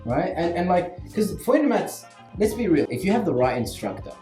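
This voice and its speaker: A man's voice: high voice, big pitch swings, fairly quick, warm tone. A man with an Australian accent, a maths teacher from Western Sydney, talking casually and emphatically with his former student. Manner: earnest, emphatic, asks "right?" often. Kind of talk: casual chat. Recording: echoey room with faint music.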